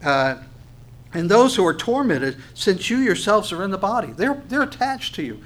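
A man's voice: sits high, big pitch swings, moderate pace, a bit bright. A man preaching a sermon, reading scripture, asking questions and answering them himself, and repeating phrases for emphasis. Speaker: pastor.

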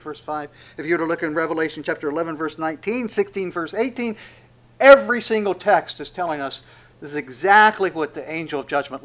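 A preacher man with a somewhat high voice delivers a sermon full of drama. He leaps from booming proclamation to near-whispered asides. He acts out the lines he quotes in character. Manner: dramatic swings between loud proclamation and hushed asides.

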